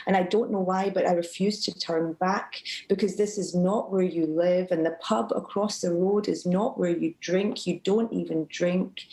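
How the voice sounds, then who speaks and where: A woman, a student poet, reading her poem aloud at a live event with a measured, emotive delivery. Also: medium pitch, a little mellow, low-quality recording. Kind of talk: poetry reading.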